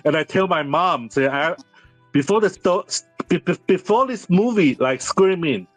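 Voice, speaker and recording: A man in his fifties whose first language is Mandarin, a series director telling personal stories in halting English with many restarts. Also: high-pitched, lively intonation, dry recording, faint music behind. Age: 50s. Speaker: series director, interview guest. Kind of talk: candid interview storytelling.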